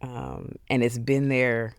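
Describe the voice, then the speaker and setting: A podcast host speaking alone in an earnest, heartfelt way, with many pauses and fillers, openly emotional. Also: medium pitch, level tone, clean tone, no room sound, studio quality. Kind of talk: solo reflective podcast monologue.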